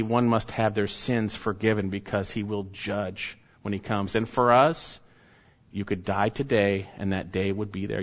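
A man preaching a sermon, reading scripture and pressing his listeners with emphatic, urgent rises and hushed drops. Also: lowish voice. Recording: dull sound, long reverb of a church hall.

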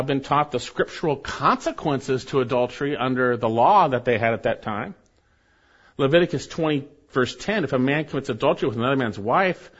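A pastor with a mid-range, slightly rough voice preaches an expository sermon in church, emphatic and repeating key phrases for stress. The sermon recording is dull and lo-fi.

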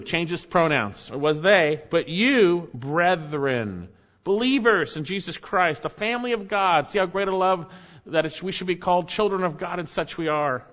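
Preaching man in a reverberant hall. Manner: earnest preaching, dropping low and soft for emphasis. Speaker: pastor. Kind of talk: sermon. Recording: dull sound with long hall reverb.

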